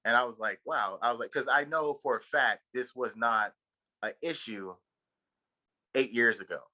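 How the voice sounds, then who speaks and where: With a mid-range, sharp-toned voice at normal speed, this Texas man co-hosts a podcast and tells a long, rambling story peppered with fillers and swearing. The conversation is casual, and the recording is low quality.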